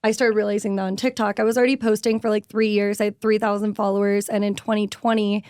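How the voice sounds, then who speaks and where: A young woman with a rustic, raspy voice, a content creator telling stories in a casual panel chat, full of "like" and fillers. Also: mid-range voice, little pitch movement, fast, darkish tone, dry recording, studio quality. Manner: chatty storyteller, fillers and "like". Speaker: food content creator guest.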